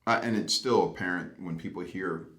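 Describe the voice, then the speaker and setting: A man's voice: low voice, moderate pace, fairly bright tone. A man from Boston with an American accent, speaking reflectively in an interview and telling anecdotes. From Boston, United States.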